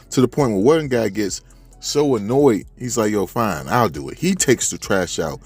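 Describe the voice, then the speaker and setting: A man giving a casual, animated chapter recap in slangy speech, talking straight to his viewers. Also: lowish voice, normal speed, slightly rough. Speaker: manga reviewer.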